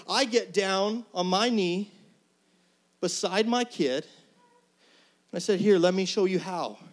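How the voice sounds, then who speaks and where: A middle-aged pastor with a high, light voice delivers a sermon in an earnest, conversational way. He drops to hushed, near-whispered lines and then climbs to loud, emphatic ones.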